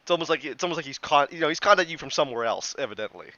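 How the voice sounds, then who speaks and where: A man's voice: on the high side, lively intonation, rapid-fire, sharp tone, dry recording. A man narrating a tabletop game as game master, in a loose, chatty way with many restarts. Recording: dull lo-fi, dry.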